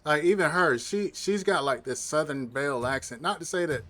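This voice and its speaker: A gaming channel host talks through a video game walkthrough in a slightly high, a bit bright voice at a moderate pace. His casual gameplay commentary is laid-back and rambling, full of fillers.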